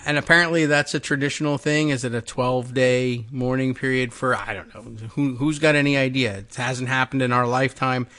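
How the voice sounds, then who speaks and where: A man's voice: medium pitch, a bit bright. Rambling male morning-show host. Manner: rambling, full of uhs and musing asides. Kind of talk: casual morning talk show monologue.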